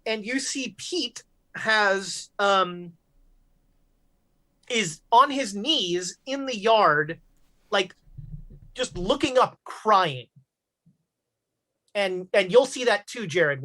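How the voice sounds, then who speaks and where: A woman's voice: mid-range voice, expressive, fairly bright tone. A woman game master narrates a spooky tabletop scene in an ordinary mid-range voice. She talks loosely and breaks off often to find her words. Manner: halting, many fillers.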